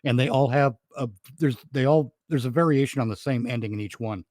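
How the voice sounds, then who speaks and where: A man's voice: mid-range voice, a little fast, darkish tone, no echo, studio quality. Rambling man laughing at his own jokes. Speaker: podcast host and comedy writer. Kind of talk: casual chat.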